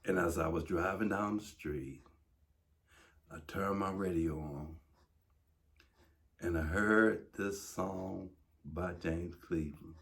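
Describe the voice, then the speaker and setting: A bishop and radio host giving a late-night devotional message, preaching slowly, his voice rising from low murmurs to high, intense cries. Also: gravelly, a bit bright.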